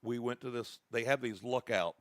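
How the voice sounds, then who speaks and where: A man's voice: medium pitch, normal speed, dry recording. A man co-hosting a podcast, telling long rambling anecdotes in casual chat. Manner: rambling anecdotal storytelling with restarts. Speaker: podcast co-host.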